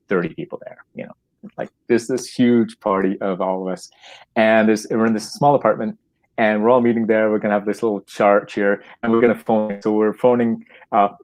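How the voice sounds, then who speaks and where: A middle-aged man from Canada, a playwright and actor, telling an anecdote casually with laughs and frequent restarts. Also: on the low side. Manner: animated, laughing, acting out quotes, many restarts.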